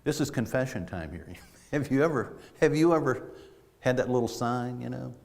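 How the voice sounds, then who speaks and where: A man's voice: medium pitch, expressive, moderate pace, creaky, darkish tone. A middle-aged man preaching a conversational sermon, telling stories in a folksy way with frequent restarts. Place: church sanctuary. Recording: long reverb of a church hall.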